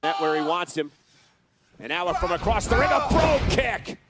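A man calling wrestling action as a play-by-play commentator with excited, exclamatory calls. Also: high-pitched, moderate pace. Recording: broadcast with loud crowd and noise.

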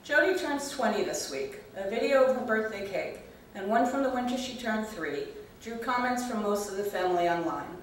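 A middle-aged woman reading her personal essay aloud at a student reading, measured and calm. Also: medium pitch, slight background noise. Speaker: MFA student reader. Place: reading venue hall. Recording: echoey room from far off.

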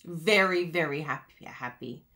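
A woman's voice: low-pitched, measured pace, bright, forceful tone. A woman demonstrating card-making live, chatting with viewers, laughing often and reading out their comments. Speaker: craft demonstrator.

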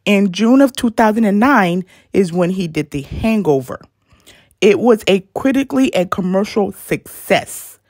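A woman's voice: mid-range voice, animated, measured pace, a little mellow, no echo, clean studio sound. A woman narrating a celebrity life story in a chatty video style, with casual asides to her viewers. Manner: chatty asides, self-conscious about censored words. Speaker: YouTube narrator.

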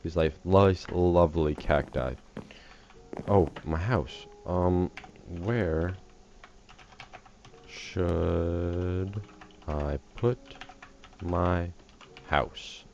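A man's voice: sits low, extremely slow, gravelly, long pauses, darkish tone. A tired man rambling and joking through casual game commentary, easily distracted. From USA. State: tired, just woke up. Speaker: gaming channel host. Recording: dull lo-fi recording with faint hiss.

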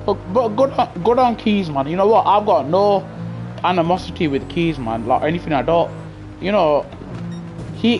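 A man with a British accent chatting casually to his live chat while racing, rambling and chuckling as he talks into a gaming headset. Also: sits high. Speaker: live-streaming sim racer. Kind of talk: casual live-stream chat over gameplay.

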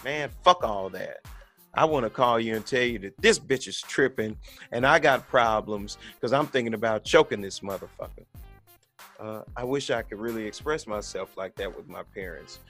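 A man's voice: on the low side, normal speed, fairly bright tone, soft background music. A man in his thirties hosting a podcast, talking bluntly and candidly with lots of profanity in a casual monologue. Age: 30s. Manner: blunt, profane and candid, acting out quoted voices. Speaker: podcast host.

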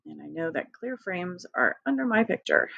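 A woman's voice: lowish voice, animated, moderate pace, creaky, a bit bright, husky, no room sound. A woman teacher leading a recorded early-grade phonics lesson, patient and encouraging, spelling out letters one by one. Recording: dry, dull lo-fi home recording.

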